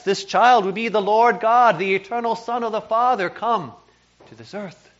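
A man's voice: high-pitched, fairly bright tone, dull audio. A man preaching a sermon as pastor, earnest and emphatic, sometimes repeating words as he goes. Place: church.

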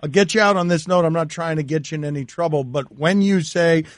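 A man hosting a radio interview in a relaxed, teasing way, summing up his guest's stories. His voice sits on the higher side and is recorded dry, with no room sound. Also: fairly quick, no echo. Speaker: radio show host. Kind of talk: casual interview.

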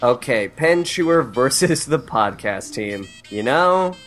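Lively, profane man ranting on a podcast. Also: medium pitch, takes it slowly, soft background music. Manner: profane, animated, laughing often. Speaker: podcast co-host. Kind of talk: casual comedic podcast rant.

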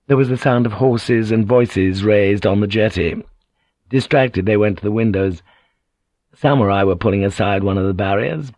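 Man, audiobook narration, steady reading, lowish pitch, dry. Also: normal speed, dry recording. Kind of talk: scripted narration.

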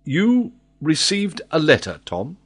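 A man's voice: a little high, huge pitch swings, slow, breathy edge, voice pushed up, full character voice. A man reading the lines of a vehement nobleman firing off urgent questions, in a raised voice in an audiobook. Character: urgent male nobleman and expedition leader.

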